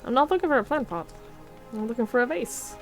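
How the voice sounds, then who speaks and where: Woman streamer, higher voice, playful, chatty with chat. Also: expressive, fast talker, soft background music. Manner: chatty, playful, talks to chat while playing. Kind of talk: casual game livestream chat.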